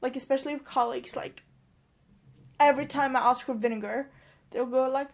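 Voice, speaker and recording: A woman's voice: high voice, fairly even intonation, brisk, long pauses. A young woman from Norway, speaking English as a second language with an accent that mixes American and British, rambling and joking at herself while tipsy late at night. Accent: Norwegian-tinged mix of American and British English. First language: Norwegian. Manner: rambling and self-mocking, trailing off and restarting. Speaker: vlogger.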